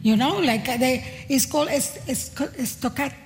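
A veteran woman stand-up comedian speaks earnestly on a panel, stopping and restarting as she searches for words. Her voice sits slightly high and echoes through a large hall. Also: unhurried. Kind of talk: panel discussion.

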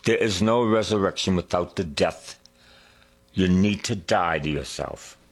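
A man's voice: sits low, a little slow. A man preaching a sermon who sings hymn lines, swells on key words and drops to whispers.

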